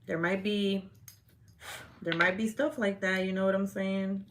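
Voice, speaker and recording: Hosting a laid-back livestream, a woman responds to viewer comments with frequent laughter and free swearing. Her voice is mid-range and steady in tone, and she speaks a little slowly.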